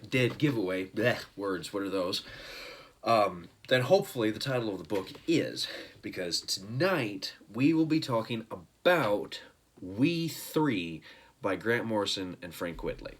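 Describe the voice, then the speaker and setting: Excitable rambling American man. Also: fairly low pitch, unhurried. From United States. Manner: excitable, rambling, trips over words and corrects himself. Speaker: comic book reviewer, show host. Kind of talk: casual talk to camera.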